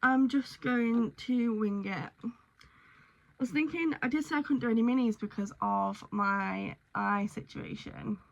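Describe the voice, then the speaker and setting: A woman's voice: fairly high pitch, unhurried, vocal fry, muffled recording. A woman chatting casually in a vlog, rambling and candid with lots of ums. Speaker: crochet vlogger.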